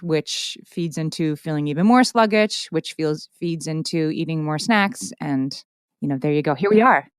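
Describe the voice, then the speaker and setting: A woman's voice: on the low side, clear, resonant tone, no room sound, clean studio sound. Wry quizzing woman podcast co-host. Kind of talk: casual podcast chat.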